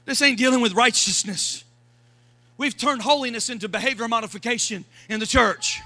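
A man preaching a sermon as pastor, shouting lines and calling for responses from the congregation. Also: very high voice, normal speed.

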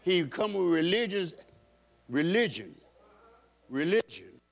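A man preaching from the pulpit with a fairly high voice. He drives each point home and repeats his key lines. His delivery is emphatic, as a pastor's sermon. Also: sing-song, takes it slowly, creaky.

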